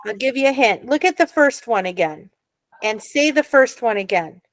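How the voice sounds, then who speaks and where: A woman's voice: on the high side, animated, normal speed, no room sound. A woman teaching an adult Hebrew reading class, patient and encouraging, explaining step by step.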